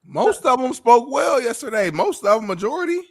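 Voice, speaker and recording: A man's voice: extremely high pitch, moderate pace, creaky, dry recording, clean studio sound. A man co-hosting a casual sports talk show, telling stories with lots of laughter. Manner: laughs often, animated storytelling. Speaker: co-host.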